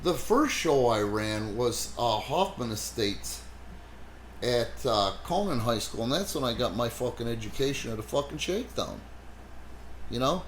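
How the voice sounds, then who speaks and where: Brash man, podcast host, swears freely, lively storyteller, slight noise under the voice. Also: mid-range voice, a little slow. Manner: animated, swears heavily, frequent "you know". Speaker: wrestling promoter and podcast host. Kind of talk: casual profane podcast storytelling.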